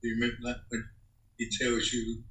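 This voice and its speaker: Distant, slow-talking man in an echoey room. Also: mid-range voice, monotone, bright, forceful tone.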